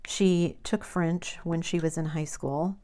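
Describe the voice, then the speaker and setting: Host: middle-aged American woman, deep voice, chatty and rambling. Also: slow, mellow. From United States. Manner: chatty storytelling with quoted dialogue. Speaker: crafting channel host. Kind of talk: rambling casual chat.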